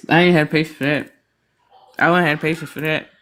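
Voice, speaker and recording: A woman co-hosting a reaction stream, talking in an animated, emphatic way and laughing often. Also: sits low, a little fast. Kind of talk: casual commentary chat.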